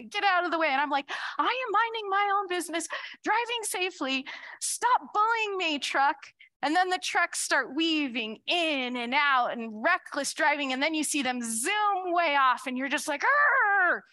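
Bright-voiced woman giving a chatty sermon. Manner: chatty, acts out quoted voices with big pitch jumps and laughs. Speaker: speaker giving a church talk. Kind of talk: conversational sermon.

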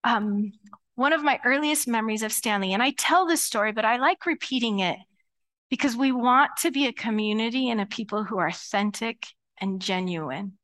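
A woman pastor delivers a sermon to her congregation with a slightly high-pitched voice. She preaches in a chatty, animated way, slipping into quoted voices as she tells stories. She sounds middle-aged. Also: normal speed. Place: church sanctuary.

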